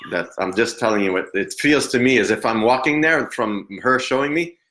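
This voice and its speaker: A man working as a psychic medium, giving a live reading in a hesitant, halting way with frequent laughs. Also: mid-range voice, a bit bright.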